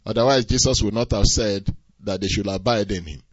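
A man preaching a sermon, swinging from quiet asides to loud, rising exhortation. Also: fairly low pitch, fairly quick, no echo. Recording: dull, slightly lo-fi dry recording.

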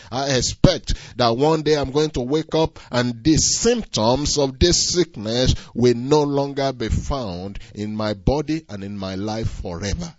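A man's voice: medium pitch, no room sound. Emphatic preacher man, lo-fi sound. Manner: emphatic, repetitive preaching cadence with "you see". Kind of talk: sermon. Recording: dull lo-fi recording.

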